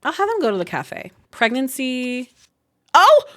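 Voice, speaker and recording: A young woman casually commenting while she plays a life-sim game, chatty and giggly, breaking into high squeals over cute moments. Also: wildly swooping pitch, a little slow, bright, forceful tone. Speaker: gaming video creator. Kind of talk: casual let's-play commentary.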